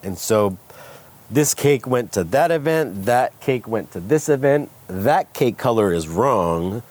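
A man from California, a guest entrepreneur, candidly telling his story with animated retellings of what people said. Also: medium pitch, unhurried. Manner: animated, acts out quoted voices. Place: outdoors by a smoky fire.

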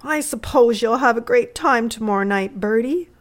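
A woman's voice: a little high, moderate pace, pitched above the performer's own voice, natural voice. A woman voicing a sulky sick little boy who speaks mournfully and whines. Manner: mournful, whiny.

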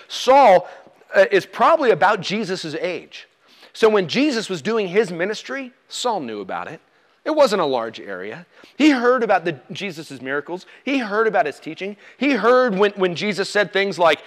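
A man with a high voice delivers a sermon as a pastor. He speaks in a relaxed, plain-spoken way, with touches of humor. He often asks his listeners direct questions. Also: normal speed.

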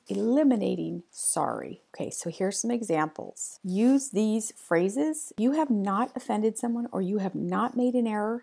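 A woman's voice: fairly low pitch, darkish tone. A woman giving a motivational advice talk to other women, speaking in an earnest and direct way and acting out short everyday scenes. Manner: earnest and direct, acts out little quoted scenes.

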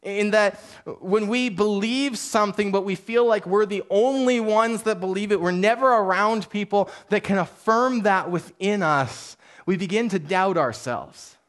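A male pastor with a high, light voice preaches to his congregation. His talk is casual and conversational, with a self-deprecating streak and plenty of restarts. It sounds like a relaxed Sunday sermon in a church. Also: measured pace, hardly any pauses. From Canada.

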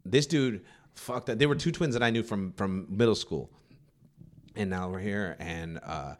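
A man on a podcast telling school stories in casual chat, animated and loose, full of fillers and swearing. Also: moderate pace. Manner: animated, acts out quotes in a high voice; profane, filler-heavy. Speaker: podcast co-host.

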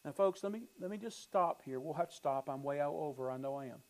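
Man, pastor, sermon, emphatic, raised pitch. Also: normal speed, hardly any pauses, a little mellow, poor audio. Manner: emphatic preaching with repetitions and swelling emphasis.

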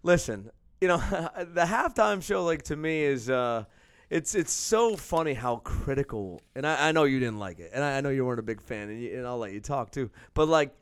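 A man co-hosting a casual sports podcast, talking in an animated, excitable way and laughing often. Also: mid-range voice, normal speed, smooth, no echo. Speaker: podcast co-host.

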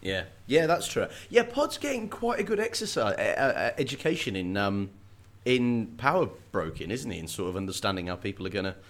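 A man's voice: fairly low pitch, big pitch swings, a little fast, hardly any pauses, fairly bright tone. A man co-hosting a podcast, chatting casually in a playful, teasing way. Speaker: podcast co-host. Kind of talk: casual chat.

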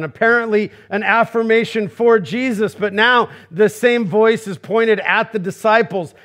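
A man's voice: high voice, a little slow, hardly any pauses, fairly bright tone. A male pastor preaching a sermon, emphatic and full of rhetorical questions, acting out quoted voices as he goes.

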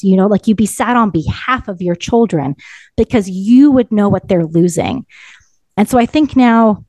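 A woman's voice: mid-range voice, lively intonation, moderate pace, darkish tone, no echo. A woman, speaking in an earnest, emotional and reflective way. Her voice sits in a middle register, recorded close and dry. She talks in loose, heartfelt sentences full of "like" fillers. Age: 30s. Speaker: podcast co-host. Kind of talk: personal interview storytelling.

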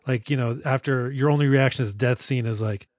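Animated, swearing male podcast host. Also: medium pitch, brisk, no room sound, studio quality. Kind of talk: casual movie review chat.

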